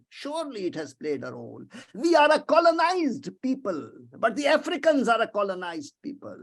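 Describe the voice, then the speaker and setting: An older professor from Pakistan speaks over a video call. His voice sits high and carries a gravelly rasp. He is emotional and rhetorical, circling back over the same words as he thinks aloud. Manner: emotional, rhetorical, repeats himself. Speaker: economics professor, guest speaker. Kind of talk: impassioned webinar talk.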